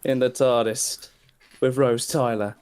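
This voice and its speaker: A man co-hosts a loose podcast chat and delivers his lines in a flat, dryly sarcastic way. His voice sits at an ordinary pitch and is recorded close and dry, with no room sound around it. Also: measured pace, clean tone, no echo. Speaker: podcast co-host.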